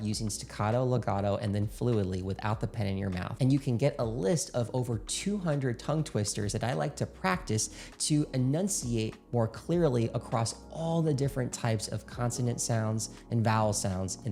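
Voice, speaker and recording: Male speech coach, mellow and upbeat, instructional to camera, light music bed. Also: medium pitch. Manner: upbeat, coaching, demonstrates exercises aloud. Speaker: speaking coach. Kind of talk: direct-to-camera instructional talk.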